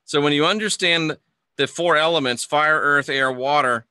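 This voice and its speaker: A man's voice: a little high, normal speed, pushed and bright, smooth, no echo, studio quality. A man hosting a casual livestream lesson, chatting with viewers and stumbling over his words. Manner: chatty, reads viewer comments aloud, stumbles and restarts. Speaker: livestream host teaching astrology.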